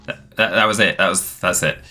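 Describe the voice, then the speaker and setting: A man's voice: low-pitched, steady tone, fairly quick, bright, forceful tone. A man hosting a live stream, giving chatty, rambling, enthusiastic commentary on the game he plays. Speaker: streamer host. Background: faint game music.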